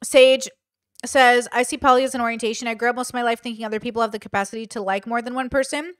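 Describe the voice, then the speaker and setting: A woman's voice: a little high, steady tone, fast talker, fairly bright tone, no room sound, studio quality. A woman streaming live, chatting casually as she reacts to a video and reads out viewer comments.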